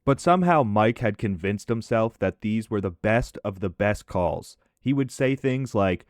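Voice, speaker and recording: A man casually telling funny stories about an old coworker as commentary over gameplay, talking in a lively, profane way. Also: lowish voice, unhurried, few pauses, no echo, clean studio sound. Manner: animated, profane, conversational. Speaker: gaming commentator and storyteller.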